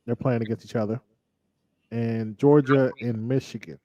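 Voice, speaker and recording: Laid-back man, dark dry voice. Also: medium pitch, fairly even intonation, normal speed, no echo, dull audio. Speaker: podcast co-host. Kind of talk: casual chat.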